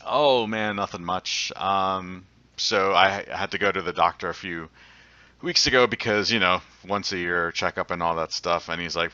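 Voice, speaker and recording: A man's voice: sits low, moderate pace, bright, forceful tone, no echo. A man co-hosting a casual tech podcast, talking in a rambling way with many fillers and restarts. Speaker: co-host. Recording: dull lo-fi sound.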